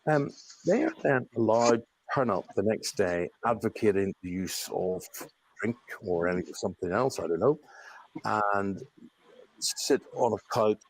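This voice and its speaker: A man's voice: fairly low pitch, expressive, measured pace, dry recording. A TV presenter, a man, speaking indignantly in a TV interview. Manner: indignant, complaining.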